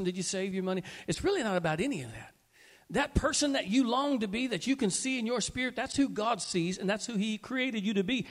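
A high-voiced male preacher delivering an impassioned sermon, swelling to loud, emphatic peaks. His voice rings through a church hall with a long reverb.

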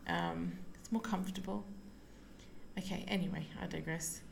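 A woman's voice: lowish voice, moderate pace, vocal fry, a little hiss or hum. Sleepy, rambling woman podcast host. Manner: relaxed, sleepy, rambling with many fillers. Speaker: podcast host and psychic medium. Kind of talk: casual solo podcast musing. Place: lying down at home.

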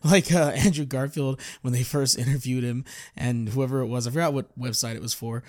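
A man talks through a solo podcast episode in an easy, rambling way, stopping to correct himself mid-sentence. His voice sits at an average pitch. The sound is close and dry, with no room echo. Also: fairly even intonation, fairly quick, a little mellow. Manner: rambling, self-correcting, chatty. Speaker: podcast host. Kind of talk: casual solo chat.

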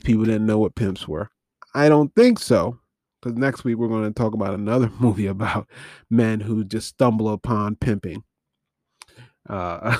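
A man's voice: on the low side, a little mellow, no echo, studio quality. A man hosting a podcast, recapping a film in a rambling, incredulous way and often correcting himself. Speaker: podcast host. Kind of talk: casual film-recap commentary.

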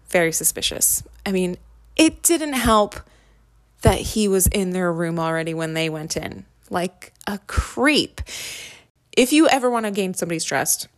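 An American woman talks through a book chapter on her podcast in a loose, chatty way. She is animated and full of quick asides. Her voice sits at a middling pitch for a woman. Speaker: podcast host. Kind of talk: casual solo book discussion.

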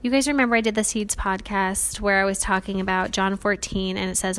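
A woman's voice: mid-range voice, flat delivery, brisk, hardly any pauses, fairly bright tone. A woman in the middle of her range talks through a personal faith story on her podcast. She is earnest and chatty, with loose fillers and asides to her listeners. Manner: earnest, chatty, many fillers like "like" and "you guys". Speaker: podcast host.

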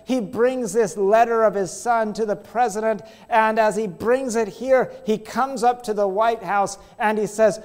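Man, preacher, sermon, storytelling, high voice, emphatic slowing. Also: darkish tone.

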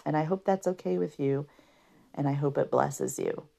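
A woman hosting a podcast, telling her own story unscripted and earnestly, with a rough voice from allergies and frequent throat clearing. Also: sits low, normal speed, mellow. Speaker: podcast host. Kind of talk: personal testimony podcast.

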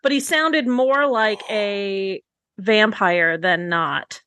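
A woman's voice: medium pitch, slow pace, a bit bright. A woman co-hosting a podcast, chatting enthusiastically and giggling while recapping a TV episode. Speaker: podcast co-host. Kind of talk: casual chat recapping a TV episode.

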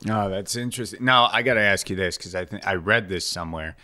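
A man hosting a podcast, asking questions in a relaxed, joking way and laughing easily. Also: lowish voice, fast. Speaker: podcast host. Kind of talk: casual interview chat.

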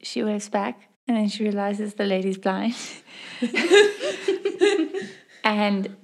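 A woman's voice: mid-range voice, little pitch movement, takes it slowly, gravelly. A woman playing a tabletop role-playing game, describing her character's actions casually and hesitantly. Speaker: player.

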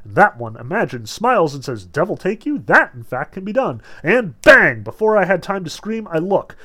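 A man's voice: sits high, big pitch swings, moderate pace, pushed and bright, voice pushed up, exaggerated voice. A man reading aloud the breathless account of an agitated woman secretary, distraught over a strange visitor.

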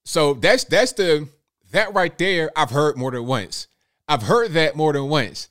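A man giving casual political commentary, animated and sarcastic, with mocking asides and frequent repeated words. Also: on the high side, a little slow.

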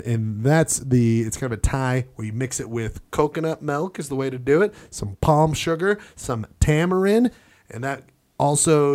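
A man's voice: mid-range voice, a little mellow. A man co-hosting a casual podcast chat, talking with rambling enthusiasm and some swearing. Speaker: podcast co-host.

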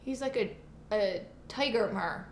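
A woman's voice: mid-range voice, a little slow, roomy sound, slight background noise. A young woman co-hosting a book podcast, blunt and teasing in casual chat, laughing often. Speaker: podcast co-host.

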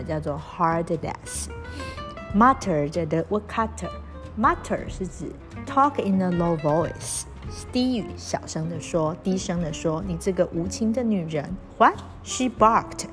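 A woman teaching English through a storybook, reading lines slowly and spelling words out letter by letter. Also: on the low side. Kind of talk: storybook reading lesson with explanations.

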